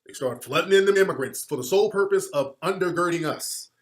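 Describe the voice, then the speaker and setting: A male commentator giving an impassioned monologue, with emphatic preacherly repetition, moving from loud outbursts to low muttering. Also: fast talker.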